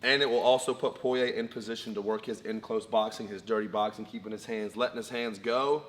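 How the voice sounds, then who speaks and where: A man's voice: on the low side, fairly even intonation, fairly quick. A man co-hosting a casual fight breakdown, laying out his points methodically and in order. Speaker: co-host, fight analyst. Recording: long reverb, faint background noise.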